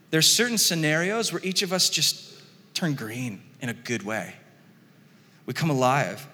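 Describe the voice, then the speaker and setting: A man preaching a sermon in a relaxed, conversational way, often chuckling and acting out the quotes he reads. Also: on the high side. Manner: conversational, animated, laughs often, acts out quotes. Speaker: pastor. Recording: long hall reverb.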